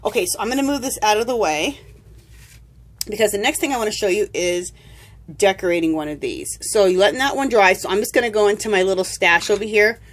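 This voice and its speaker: A woman's voice: mid-range voice, a little fast. A woman chatting casually to her viewers while demonstrating a craft, with frequent ums. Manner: chatty, addresses viewers as you guys, many ums. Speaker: craft tutorial host.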